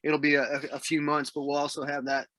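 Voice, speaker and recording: A man's voice: on the high side, monotone, quick pace, fairly bright tone, no echo. A man from the Southern US, a musician guest in a casual interview, telling stories in a laid-back way and laughing as he talks. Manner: laid-back storyteller, laughs mid-sentence.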